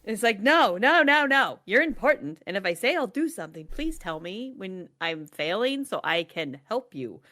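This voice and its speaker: A woman in her thirties co-hosting a casual podcast, telling lively stories with frequent laughter and casual swearing. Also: medium pitch, normal speed, hardly any pauses. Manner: animated storytelling, laughs often, swears casually. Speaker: podcast co-host. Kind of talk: casual chat.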